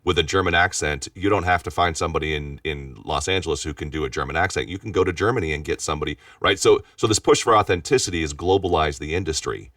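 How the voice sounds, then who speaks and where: A man with a very deep voice talks quickly, tumbling through restarts and repeated words. He sits back from the microphone, so he sounds distant, though the sound stays dry and free of room echo. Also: fairly bright tone. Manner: rapid talker with frequent restarts and repeated words. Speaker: interview guest, voice actor and studio owner. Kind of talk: casual conversational interview.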